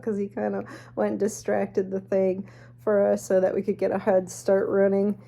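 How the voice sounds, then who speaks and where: A woman telling a spooky personal story in a chatty, animated way with snarky asides. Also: medium pitch, measured pace, gravelly. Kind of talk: casual storytelling.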